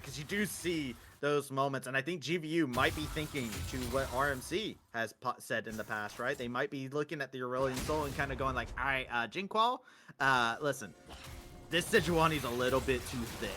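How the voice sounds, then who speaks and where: A man casting a live esports match with play-by-play commentary that rises loudly on big plays. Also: mid-range voice. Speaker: esports caster.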